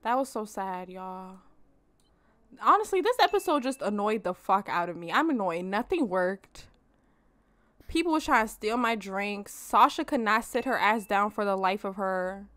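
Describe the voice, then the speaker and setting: Bright, crisp-voiced woman gaming host. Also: mid-range voice, moderate pace, dry recording. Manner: animated, swears a lot, talks straight to viewers. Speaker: let's play host. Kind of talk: casual gameplay commentary.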